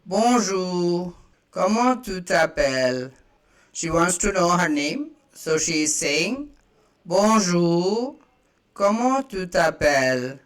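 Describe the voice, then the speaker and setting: A man teaching a beginner lesson, slowly saying each phrase twice and explaining it in English. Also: high voice, a bit bright. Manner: slow, repeats each phrase, spells out examples. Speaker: French teacher. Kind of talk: slow beginner language lesson.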